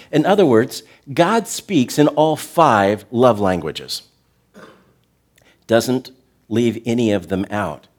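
A man preaching a sermon as a pastor, earnest and direct with the congregation, slowing down to stress key words. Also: medium pitch, darkish tone. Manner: talks directly to the congregation with asides.

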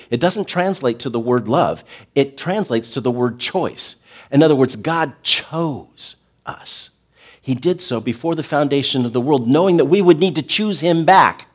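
A man preaching a sermon as a pastor, earnest and direct with the congregation, slowing down to stress key words. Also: medium pitch. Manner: talks directly to the congregation with asides.

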